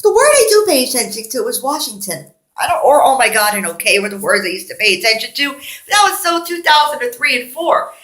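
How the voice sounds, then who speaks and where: A woman vlogger who rambles candidly from one thing to the next, a little wheezy. Her voice sits fairly high and moves a lot. It sounds bright. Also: very animated, brisk. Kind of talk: rambling vlog monologue.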